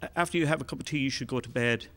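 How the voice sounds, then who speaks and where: A man's voice: mid-range voice, very fast, a bit bright, voice pushed up, lightly acted. A hospitable landlady, put on by a man in a spoken joke, fussing over a guest with offers of tea. The voice stays close to the teller's own. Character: hospitable Irish landlady, woman of the house.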